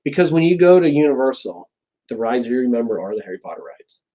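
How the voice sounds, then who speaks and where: A man's voice: mid-range voice, big pitch swings, fast talker, dark tone, rough recording. A man from central Florida co-hosting a casual live chat, rambling and restarting his sentences, with a stuffed-up nose. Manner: rambling, starts over mid-sentence. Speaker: co-host of a live chat stream.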